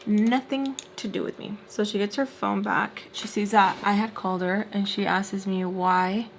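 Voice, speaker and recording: A young woman casually telling a story while doing her makeup, animated and full of fillers. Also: mid-range voice, normal speed, vocal fry, slight background noise. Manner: animated, filler-heavy retelling with quoted voices. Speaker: storytime vlogger.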